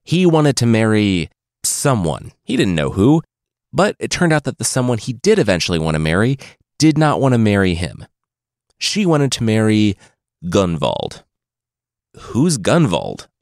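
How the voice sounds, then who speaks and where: A man's voice: lowish voice, sing-song, normal speed, darkish tone, no echo, studio quality. A man telling a saga as a comedic retelling, with wry, sarcastic asides. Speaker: storyteller host.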